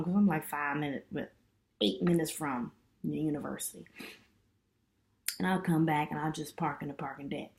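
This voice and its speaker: A middle-aged woman vlogging as a student, telling a chatty, animated story full of asides. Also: low voice, moderate pace, vocal fry. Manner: chatty, animated retelling with lots of "you know". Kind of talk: casual storytelling vlog.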